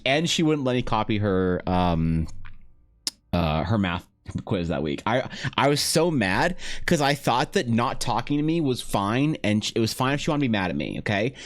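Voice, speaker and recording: A man streaming live, telling a story in casual talk. He swears freely, laughs often, and swings between loud bursts and low, muttered asides. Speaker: livestreaming artist.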